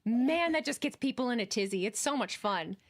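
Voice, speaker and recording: A woman's voice: a little high, lively intonation, brisk. A woman co-hosting a casual podcast chat, who rants emphatically and swears. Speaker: podcast co-host.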